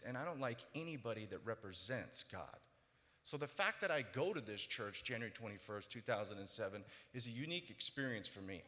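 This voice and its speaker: A man giving a testimony speech at a banquet, recounting his story and moving from quiet retelling to loud, emphatic preaching. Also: medium pitch. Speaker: keynote speaker. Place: banquet hall. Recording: long hall reverb.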